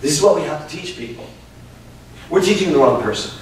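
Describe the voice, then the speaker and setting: A man, an improv teacher, talking in a casual interview, animated, laughing often and swearing freely. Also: a little high, quick pace. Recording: echoey room from a distant mic with noise.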